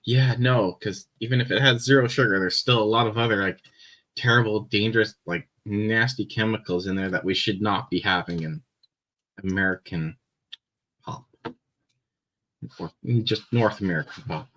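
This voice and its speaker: A young Canadian man with a Canadian accent chatting casually on a live stream, rambling with many fillers and pauses. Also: fairly low pitch, fairly even intonation, a bit bright, low-quality recording.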